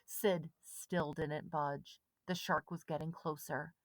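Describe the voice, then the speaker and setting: A woman reading a children's storybook aloud with steady, dramatic pacing. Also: low voice, slow pace, no echo. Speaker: audiobook reader. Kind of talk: storybook narration.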